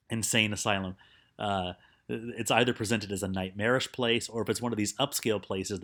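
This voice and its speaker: A man teaching a recorded psychology lecture in a conversational way, with many fillers and restarts. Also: deep voice.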